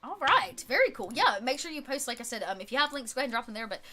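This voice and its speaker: A woman's voice: high-pitched, big pitch swings, racing, a crowd in the background. Chatty woman hosting a game stream. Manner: friendly, chatty, with frequent fillers. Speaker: game master and channel host. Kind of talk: casual post-game chat.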